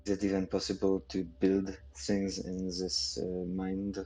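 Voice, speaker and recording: A man's voice: low voice, completely flat delivery, unhurried, warm tone. A man playing a tabletop game who asks polite, hesitant questions. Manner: hesitant, polite, many fillers. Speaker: player.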